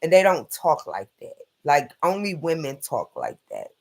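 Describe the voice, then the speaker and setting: A man hosts a casual late-night live stream, talking bluntly and with plenty of profanity as he rambles from one opinion to the next. His voice sits a little high and has a gravelly, creaky edge. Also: huge pitch swings, moderate pace.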